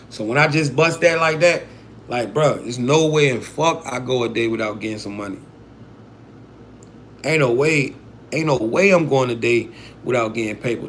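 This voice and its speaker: A man's voice: mid-range voice, fairly bright tone, slight background noise. A man giving a casual, profane livestream talk on a mindset program, often checking in with "right?" and "bro".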